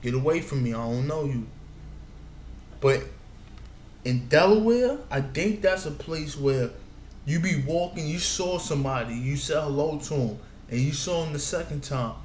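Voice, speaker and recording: A man giving advice in a meandering casual monologue, often saying "you know what I'm saying". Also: fairly high pitch. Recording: echoey room with faint background noise.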